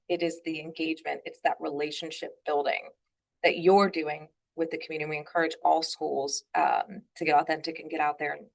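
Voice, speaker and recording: A woman hosting a webinar interview over a video call, talking fast and upbeat, with frequent ums and rights. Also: low voice, creaky. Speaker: webinar host.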